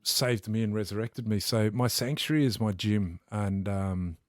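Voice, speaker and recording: A man's voice: on the low side, fairly even intonation, normal speed, dry recording, clean studio sound. A man in his forties, a boxer and coach, talking earnestly and motivationally as a podcast guest. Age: 40s. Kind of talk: casual podcast chat.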